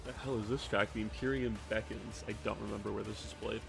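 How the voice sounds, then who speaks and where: A man's voice: lowish voice, steady tone, fast, vocal fry, music in the background. A man streaming casually from his hobby room, rambling, swearing now and then and reading out chat messages.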